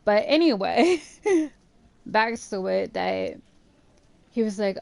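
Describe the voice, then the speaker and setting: A woman chatting casually and telling a story while playing a game. She speaks in an animated way, swears freely and fills her speech with "like". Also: mid-range voice, slow pace, gravelly, no echo. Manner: chatty, profane, animated retelling with frequent "like". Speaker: gaming channel host. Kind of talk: casual storytelling over gameplay.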